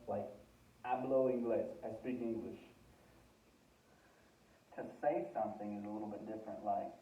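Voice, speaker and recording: A man teaching a Spanish lesson in a classroom, chatty and joking, switching between English and Spanish. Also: medium pitch. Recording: tinny, echoey from far off.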